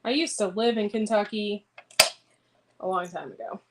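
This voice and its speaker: Woman, homestead vlogger, rambling casual chat, mid-pitched voice, steady clicks and noise behind her. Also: moderate pace. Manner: rambling, chatty, answers viewer comments. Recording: clear background noise with clicks.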